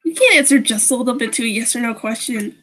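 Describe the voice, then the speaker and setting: A woman's voice: fairly high pitch, fast talker, fairly bright tone, a little hiss or hum, natural voice, poor audio. Sheepish teenage boy lead, dry delivery, played by a woman. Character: awkward teenage boy protagonist.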